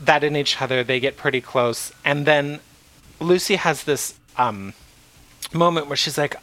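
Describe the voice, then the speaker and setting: A man hosting a casual book discussion, retelling the plot in an animated way with frequent laughs and some swearing. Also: fairly high pitch, measured pace, rough recording. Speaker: podcast host.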